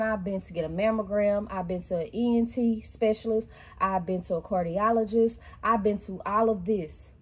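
Chatty, animated woman vlogger. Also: medium pitch, husky. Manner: chatty and candid, addresses viewers as y'all; animated, bursts into excited squeals. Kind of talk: casual vlog talk to viewers.

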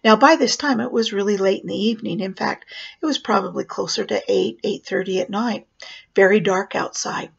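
A woman's voice: mid-range voice, fairly quick, creaky, breathy edge, highs cut off. A woman who works as a professional clown tells a personal story, acting out the voices and dropping to whispers. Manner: animated, acts out voices and drops to whispers.

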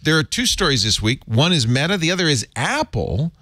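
A man's voice: on the high side, fairly quick, no echo. A man hosting a casual tech news podcast, joking and reading out headlines. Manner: jokey, lively, reads out headlines. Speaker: podcast host.

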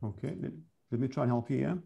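A man's voice: medium pitch, fast talker, gravelly, mellow, husky, highs cut off. A man moderating an online session, patiently and insistently repeating instructions. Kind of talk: giving instructions on a video call.

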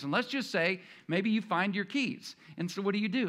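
A man's voice: sits high, animated, a little fast, hardly any pauses, a bit bright. A male pastor preaching a sermon in a conversational way, acting out prayers in quoted voices.

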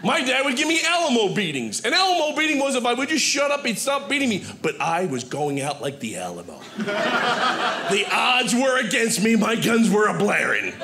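An animated man in his fifties works a stand-up set on a theater stage. His voice sits high and leaps around in pitch, and he shouts his punchlines. The stage mic also picks up clear audience noise. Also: normal speed. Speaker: stand-up comedian.

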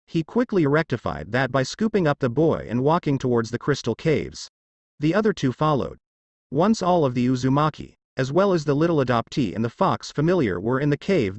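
A man's voice: medium pitch, no room sound. A man reading fanfiction aloud as a storybook narrator, voicing every character.

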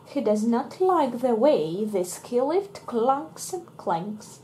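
Slow, lively woman reading a children's book. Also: on the high side, slight background noise. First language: Russian. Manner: slow and expressive. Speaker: English teacher reading to children. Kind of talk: reading a picture book aloud.

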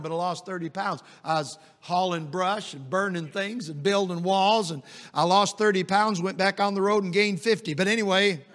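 A middle-aged evangelist preaches in a church sanctuary, his high, ringing voice carried on a long reverb. He tells folksy stories and builds to loud, emphatic peaks. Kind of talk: sermon.

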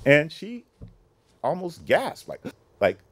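A former mayoral policy advisor, interviewed as a guest, recounts events conversationally in a fairly high, slow voice. His retelling is animated, and he acts out the dialogue he quotes.

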